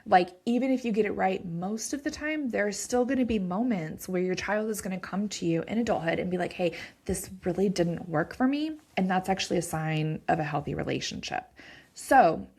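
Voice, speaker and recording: A woman in her thirties, a psychologist hosting her own show, talking casually and explaining ideas with an animated, conversational manner. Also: mid-range voice, fairly quick, vocal fry, slightly rough. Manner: conversational, animated, frequent "like" and "right?". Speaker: psychologist podcast host. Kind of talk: casual educational monologue.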